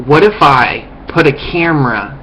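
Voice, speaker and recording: A man's voice: a little high, lively intonation, a little slow, bright, forceful tone, low-quality recording. Profane ranting man, faint background hiss. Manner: profane, contemptuous, lecturing. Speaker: vlogger. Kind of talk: ranting monologue to camera.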